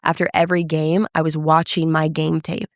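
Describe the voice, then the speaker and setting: A woman telling her story as a podcast guest, with a slightly gravelly edge in her voice. She brings the quoted dialogue to life as she goes. The sound is dry and close. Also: deep voice, normal speed, no room sound. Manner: animated storyteller who acts out quoted dialogue. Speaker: emcee and keynote speaker, guest.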